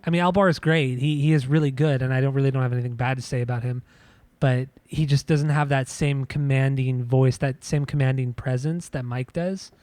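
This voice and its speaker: A man co-hosting a podcast, giving a casual album review in halting speech full of restarts and fillers. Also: medium pitch, fairly even intonation, darkish tone, no room sound. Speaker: podcast co-host. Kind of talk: casual music review chat.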